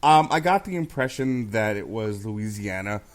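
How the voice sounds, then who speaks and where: A man's voice: lowish voice, expressive, normal speed. A man guesting on a movie review podcast, talking hesitantly with lots of ums. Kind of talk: casual movie review chat.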